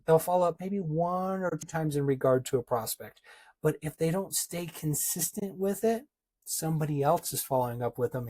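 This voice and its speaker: A man's voice: a little high, a little mellow. A man giving a motivational business talk as a coach, emphatic and punchy, hammering home repeated phrases and addressing his listeners directly as a team.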